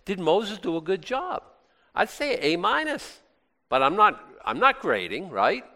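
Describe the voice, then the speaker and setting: Animated male preacher in an echoey hall. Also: high voice, measured pace. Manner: animated, conversational, with exclamations and restarts. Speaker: pastor. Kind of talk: sermon.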